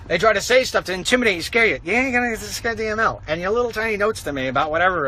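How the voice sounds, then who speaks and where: Animated man ranting on a noisy street. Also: high voice, very fast, few pauses. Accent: New York. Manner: animated, ranting, acts out quoted voices. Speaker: political commentator and show host. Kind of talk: walk-and-talk vlog monologue. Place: outdoors on a city street.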